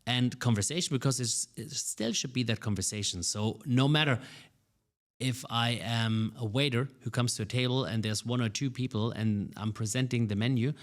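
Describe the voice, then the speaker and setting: Energetic low-voiced male speaking coach. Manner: energetic, animated, repeats words when starting sentences. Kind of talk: interview answers.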